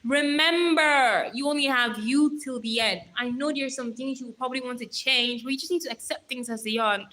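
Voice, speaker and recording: A bright, clear-toned young woman chats into her phone during a casual livestream, reading out viewer comments one after another. She talks straight to her viewers in a loose, giggly, rambling way. Her voice sits a little high for a woman. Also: fairly even intonation, brisk, few pauses, poor audio. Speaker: livestream host.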